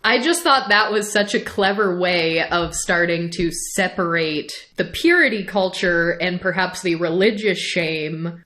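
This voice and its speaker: A young woman co-hosting a podcast, recapping a show in a casual, animated way, laughing often and restarting her sentences. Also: lowish voice. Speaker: podcast co-host.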